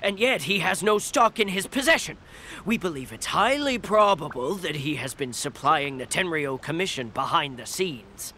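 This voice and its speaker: A man's voice: on the high side, expressive, moderate pace, sharp tone, a little hiss or hum. An actor voicing a suspicious, accusing male soldier in a video game, speaking in a formal report-like way.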